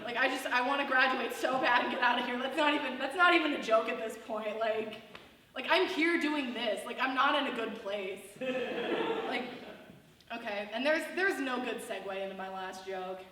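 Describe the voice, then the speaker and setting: A woman's voice: fairly high pitch, moderate pace, sharp tone, a little hiss or hum. A young woman doing a rambling stand-up set, heavy on filler words. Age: young adult. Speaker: stand-up comedian. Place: student comedy show in a hall. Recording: distant, echoey hall recording.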